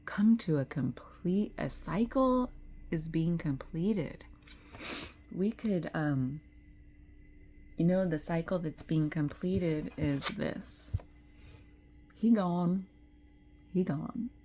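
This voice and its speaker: A middle-aged woman giving an intuitive tarot reading to camera. She is tearful and tender, and drifts into soft whispers when she is moved. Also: lowish voice, slight background noise. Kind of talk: emotional spiritual talk to camera.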